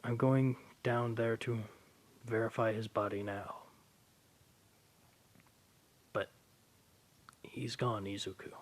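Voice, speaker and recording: A hoarse man with a sore throat voicing a calm, firm adult man who speaks steadily and softly in a husky voice. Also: medium pitch, unhurried, close to an everyday voice. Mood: grave. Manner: steady, soothing, often hushed.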